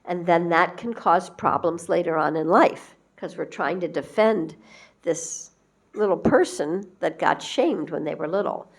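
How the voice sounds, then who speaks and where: A woman spiritual teacher giving a gentle, conversational devotional talk and acting out quoted lines. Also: on the low side, measured pace.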